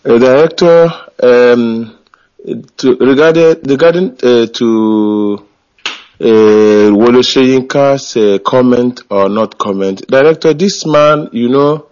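A man's voice: medium pitch, slow pace, darkish tone, lo-fi sound. A man calling in to a radio show over an internet call, talking earnestly with many hesitations and restarts. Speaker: caller.

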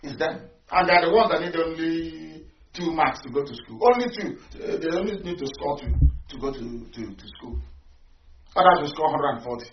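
A man's voice: fairly high pitch, moderate pace. Fiery man in an echoey room. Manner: fiery, rhetorical, repeats for emphasis. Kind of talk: impassioned political talk. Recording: echoey, distant, dull with faint hiss.

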